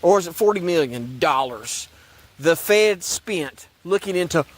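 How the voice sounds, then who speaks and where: A man's voice: a little high, expressive, unhurried. A man ranting in a sarcastic, repetitive way about religion and politics, rambling and restarting his sentences. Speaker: online commentator.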